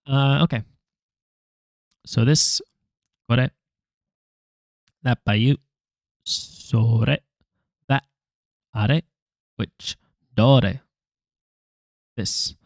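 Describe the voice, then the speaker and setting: A man working through a language lesson out loud, halting, correcting himself and making wry asides. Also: medium pitch, gravelly, no echo, studio quality. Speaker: language learner vlogger. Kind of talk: thinking-aloud study session.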